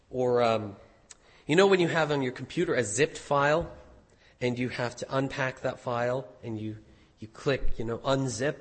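A man's voice: medium pitch, fairly bright tone, slightly rough. A man preaching an expository sermon, earnestly teaching a passage with emphatic rises. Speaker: pastor. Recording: reverberant hall.

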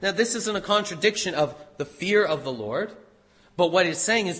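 A man preaching with a bright, forceful, slightly husky voice that sits a little high. He swings between loud, emphatic declarations and quieter, careful explanation. The sound carries the long reverb of a large hall. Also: lively intonation, moderate pace. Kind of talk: sermon.

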